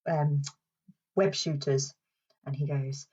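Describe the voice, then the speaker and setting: A woman leading a children's song and story session in a playful sing-song way, speaking slowly and clearly for toddlers. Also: deep voice, fairly even intonation, warm tone, dull audio. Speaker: children's speech and language therapist.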